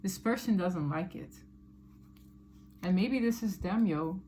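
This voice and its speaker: A woman's voice: lowish voice, slow pace, mellow, a little hiss or hum. A woman giving a casual tarot reading to her viewers, chatty and emphatic, with slangy asides. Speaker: tarot reader.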